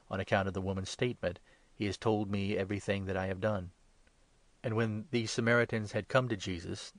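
Man reading scripture in a low, gravelly voice. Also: no echo. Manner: measured, steady and solemn. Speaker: scripture reader.

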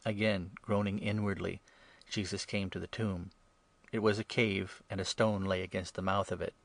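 A man reading scripture aloud in a steady, even narration. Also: low-pitched, normal speed, creaky, no echo. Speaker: reader.

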